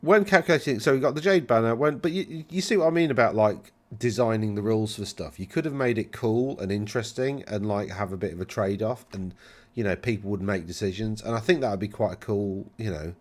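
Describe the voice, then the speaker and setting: Male host, lower register, casual rambling rules chat, wry and dismissive. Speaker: channel host reviewing game rules.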